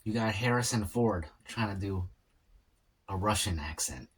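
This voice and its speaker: A man in a casual solo eating vlog, rambling and musing aloud with pauses as he chats about movies. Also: on the low side, slightly rough. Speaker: mukbang vlogger. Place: home, at a table eating.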